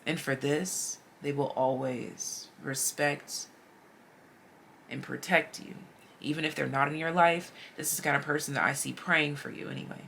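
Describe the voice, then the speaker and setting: A woman's voice: low voice, moderate pace, creaky, slight background noise. Chatty woman giving a tarot reading. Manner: chatty, animated, slangy. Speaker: tarot reader. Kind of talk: casual tarot reading to camera.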